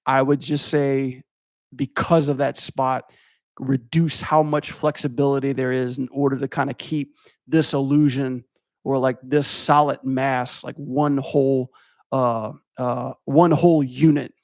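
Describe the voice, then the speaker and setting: Gravelly, profane man critiquing animation. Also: mid-range voice, little pitch movement, a little slow, darkish tone, no echo, studio quality. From Louisiana. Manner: rambling, profane, filler-heavy. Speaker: animator and streamer. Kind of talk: casual animation critique to a stream chat.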